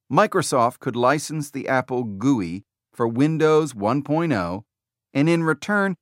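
A man's voice: mid-range voice, fairly bright tone, no echo. Man narrating a nonfiction audiobook, dry sound. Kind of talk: scripted narration.

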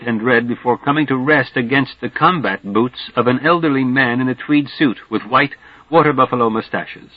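A man reads a novel aloud in a steady, wry audiobook style, settling into the scene. His voice sits at an ordinary pitch. The recording is dry, with a dull, muffled top end. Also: no echo. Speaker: audiobook narrator. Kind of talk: literary audiobook narration. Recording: dull dry studio sound.

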